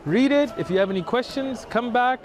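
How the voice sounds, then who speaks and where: On a city street, a man volunteering for religious outreach earnestly explains his faith to a passer-by. His voice is very high-pitched, animated and brisk.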